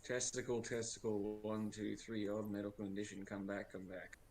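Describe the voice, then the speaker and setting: A man chatting on a stream, rambling and crude and quick to laugh. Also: on the low side, monotone, darkish tone, slight background noise. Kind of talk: casual chat.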